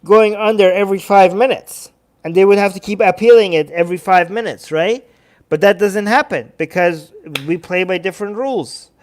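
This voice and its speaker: A man's voice: high voice, smooth. A man hosting a livestream, talking casually and reading out chat messages, with frequent restarts. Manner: animated, restarts often, reads chat aloud. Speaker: livestream host.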